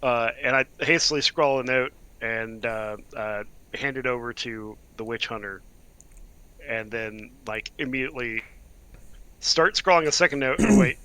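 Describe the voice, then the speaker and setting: A man's voice: medium pitch, moderate pace, sharp tone, smooth. A man playing a tabletop game, describing his character's actions in a casual, filler-heavy way. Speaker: player.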